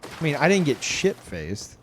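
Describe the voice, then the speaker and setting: A man's voice: fairly high pitch, wildly swooping pitch, a little slow, a little hiss or hum. A man from Louisiana chatting casually on a live stream, rambling and swearing, with many restarts.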